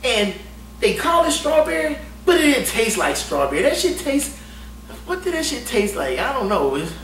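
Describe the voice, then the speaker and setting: A man tells a story with a lively, swooping voice, cursing freely and laughing often. He sits back from the mic in an echoey room, with a faint hum underneath. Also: extremely high pitch. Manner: animated, profane, laughs often. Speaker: navy veteran storyteller. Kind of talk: casual storytelling. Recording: roomy echo, distant mic, faint hum.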